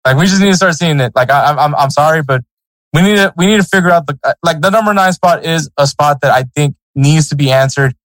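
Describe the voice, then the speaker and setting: A man's voice: fairly high pitch, quick pace, a bit bright, dry recording, poor audio. A man co-hosting a sports podcast in casual chat, rambling with many fillers and restarts. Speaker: podcast co-host.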